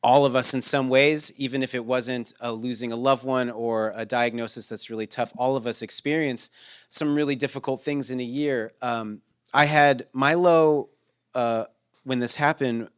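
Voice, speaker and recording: A man's voice: mid-range voice, steady tone, normal speed, clean tone. Man, thirties, podcast co-host, casual chat, reflective, rambling, restarts.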